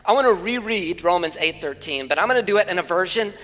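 A man's voice: high voice, lively intonation, fast talker, a bit bright, big-room sound. A man preaching a sermon as pastor, in a conversational, plain-spoken way with casual asides, speaking from a church stage.

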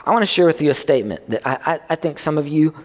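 A man preaching a sermon as a pastor, talking conversationally and pushing his pitch up to stress his points. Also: animated, fast talker. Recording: long reverb of a hall.

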